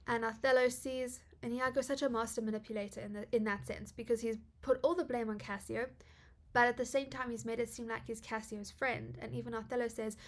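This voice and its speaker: A woman's voice: a little high, steady tone, fairly quick. Chatty woman tutor explaining quotes. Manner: chatty, paraphrasing with likes and ums, laughing asides. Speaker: English literature tutor. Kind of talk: casual lesson explaining quotes.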